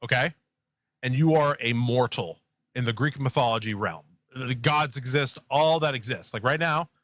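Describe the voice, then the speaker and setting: A man co-hosting a podcast, retelling a myth in a rambling, animated way. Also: mid-range voice, moderate pace, dry recording, lo-fi sound. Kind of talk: casual chat, storytelling.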